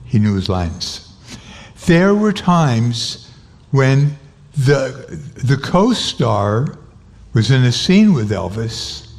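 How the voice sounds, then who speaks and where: Older male guest, mid-range pitch, animated storyteller who voices every line of dialogue. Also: extremely slow. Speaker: interview guest. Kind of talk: storytelling anecdote.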